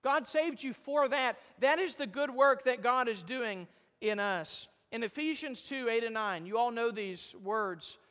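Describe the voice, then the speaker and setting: Man, pastor preaching a sermon, very high voice, emphatic swells, long hall reverb. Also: measured pace. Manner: rises to loud emphatic peaks, drops to soft low lines; quotes King James scripture.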